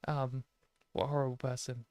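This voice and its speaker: A British woman hosting a live stream, talking casually and frankly with lots of "like" and quick laughs. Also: extremely low pitch, flat delivery, a little mellow, no room sound, clean studio sound. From Britain.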